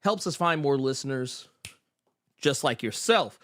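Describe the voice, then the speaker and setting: A man hosting a casual comic book podcast, animated and laughing often. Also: mid-range voice, measured pace, dry recording, studio quality. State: out of breath. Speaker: podcast host.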